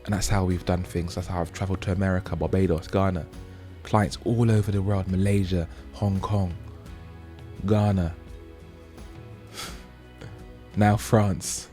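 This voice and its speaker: A man from the UK hosting his own show, delivering an emphatic, preachy monologue that keeps checking in with "okay?" and jumps higher and louder on key points. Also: unhurried, pauses often, soft background music. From United Kingdom. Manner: rising to loud high emphasis on key points. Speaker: host. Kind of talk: opinionated monologue.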